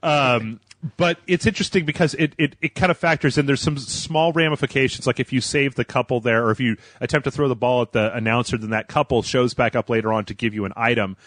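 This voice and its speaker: A man's voice: mid-range voice, quick pace, fairly bright tone, no room sound, studio quality. A man co-hosting a podcast in casual, rambling chat, laughing often and swearing freely. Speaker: podcast co-host.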